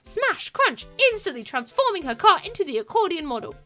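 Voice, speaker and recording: An arrogant, indignant male surgeon from a courtroom video game, as a woman puts him on, ranting with pompous self-importance. The voice sits high and sounds bright and sharp. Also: very animated, fairly quick, faint music behind, exaggerated voice.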